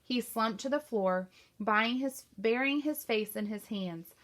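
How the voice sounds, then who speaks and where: A woman's voice: fairly high pitch, a little slow. Woman reading a novel aloud. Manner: steady storytelling. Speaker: teacher.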